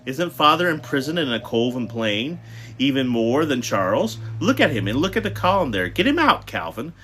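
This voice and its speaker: A man's voice: mid-range voice, very animated, moderate pace, fairly bright tone. A man voicing a frightened, determined teenage girl, pleading urgently.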